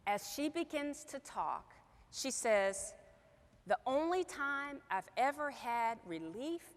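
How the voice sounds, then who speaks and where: A woman's voice: a little high, pushed and bright, in a large hall. A woman telling an emotional story to a group as a sales trainer, acting out the quoted dialogue.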